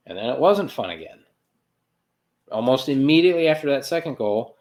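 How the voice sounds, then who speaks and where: A man hosts a soccer podcast, walking through a match in a chatty, sarcastic way. His voice sits at an ordinary middle pitch, and he jumps between dry asides and playful bursts of sound effects. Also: big pitch swings, a little fast, darkish tone. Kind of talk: casual sports recap monologue.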